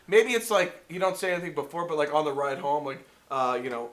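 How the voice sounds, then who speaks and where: A man's voice: fairly high pitch, animated, brisk, hardly any pauses, a bit bright. A man co-hosting a casual podcast chat, rambling and full of filler words. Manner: rambling, heavy on "you know" fillers. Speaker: podcast co-host.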